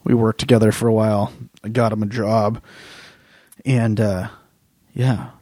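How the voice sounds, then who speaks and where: A man's voice: lowish voice, level tone, a little slow, mellow, dry recording, studio quality. A man in his thirties co-hosting a casual podcast, rambling with restarts and frequent laughs. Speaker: podcast co-host.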